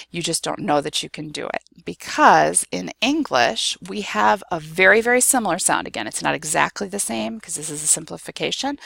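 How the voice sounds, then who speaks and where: A woman's voice: medium pitch, creaky, fairly bright tone, no echo, clean studio sound. A woman with a Midwestern American accent, a Spanish teacher explaining pronunciation in a reassuring way, with many ums and okays. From United States. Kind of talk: recorded screen-share lesson.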